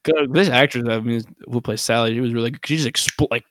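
A man's voice: medium pitch, fast, fairly bright tone, dry recording, studio quality. A man co-hosting a podcast, chatting casually and laid-back about a TV show, often chiming in with short agreements. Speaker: podcast co-host. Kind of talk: casual chat reviewing TV.

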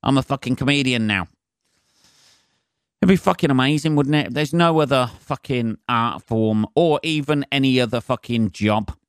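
A man's voice: mid-range voice, normal speed, clear, resonant tone, dry recording, clean studio sound. A man hosting a solo comedy podcast, ranting in a sweary, sarcastic and rambling way. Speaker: podcast host.

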